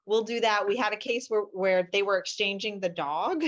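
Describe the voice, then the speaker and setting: A woman family law attorney telling lively anecdotes as an interview guest, often acting out what people said. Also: mid-range voice, normal speed, muffled recording. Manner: animated, acts out quotes with shifting voices.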